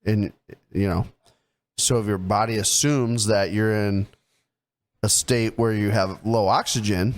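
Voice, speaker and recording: Co-hosting a podcast, this man in his thirties speaks in a fairly low, steady, unhurried voice. His explanations are loose, and in the casual banter he jokes around, teasing his best friend by imitating him in put-on voices.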